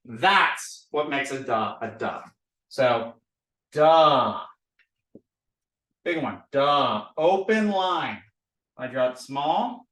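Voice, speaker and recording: This recorded lesson on drawing letters comes from a language teacher whose medium-pitched voice moves at a slow pace. He's playful and animated, drilling sounds over and over, heard far from the mic in a roomy space.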